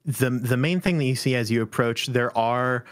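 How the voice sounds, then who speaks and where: A man narrating as game master in a tabletop game, mid-pitched and halting, often pausing and restarting his lines. The recording is dry and close, with no room sound. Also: dry recording. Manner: halting, full of fillers and restarts, chuckling.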